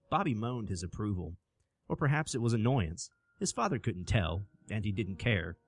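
A man reads a spooky story aloud in a low voice that moves freely up and down, shaping every line for effect. Soft music runs faintly underneath. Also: normal speed. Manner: expressive storytelling delivery. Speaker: narrator. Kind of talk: scripted horror story narration.

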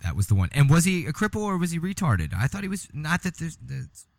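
Lively, teasing male podcast host. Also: on the high side, a little fast, no echo, clean studio sound. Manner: teasing, profane, laughs often. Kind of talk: casual crude banter.

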